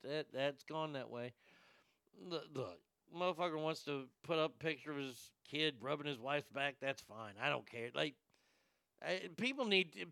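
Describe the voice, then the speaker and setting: A man rants through a profane, off-the-cuff commentary show with loud bursts of excitement and disgust. His voice is bright and forceful, smooth and crisp. It sounds dry and close to the mic. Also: fairly high pitch, no echo. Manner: crude, ranting, loud bursts. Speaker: show host.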